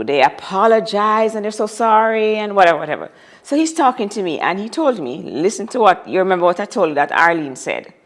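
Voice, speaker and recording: Dramatic woman telling a story, low voice. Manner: dramatic, repeats phrases for emphasis. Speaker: interview guest. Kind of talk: telling a personal story in conversation.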